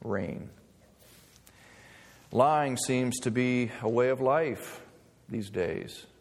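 A man's voice: medium pitch, slow pace. A man preaching a sermon in a conversational way, mixing humor with scripture. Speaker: pastor. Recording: long reverb of a hall.

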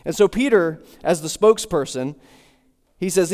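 Speaking at a moderate pace in a high, somewhat dark voice with lively intonation, a man delivers an expository sermon. He works through a text verse by verse, circling back with repeated phrases, and the sound has a long hall reverb.

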